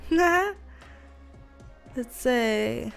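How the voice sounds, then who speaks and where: A woman's voice: fairly high pitch, expressive, drawn-out words, gravelly, clean tone, soft background music. A woman with a Southern US accent, hosting a casual livestream and chatting loosely as she reads viewer comments aloud, laughing often. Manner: chatty, loose and colloquial with mild swearing. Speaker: livestream host and tarot reader.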